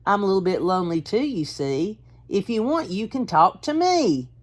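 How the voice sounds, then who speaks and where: A woman's voice: mid-range voice, very animated, moderate pace. A woman voicing a small, scared, shy little boy in a storybook reading, with a timid little voice.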